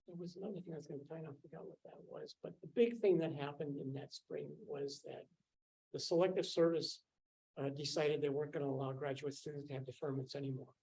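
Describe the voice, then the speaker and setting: An older man, a scientist, recounting his student years in a relaxed, rambling way, with many fillers and restarts. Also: on the high side, rough recording. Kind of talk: casual storytelling.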